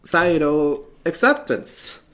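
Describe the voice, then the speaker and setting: A woman's voice: sits low, sing-song, slow, fairly bright tone. A woman hosting a casual talk show, speaking earnestly and hesitantly, with frequent fillers and restarts. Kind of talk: casual podcast chat.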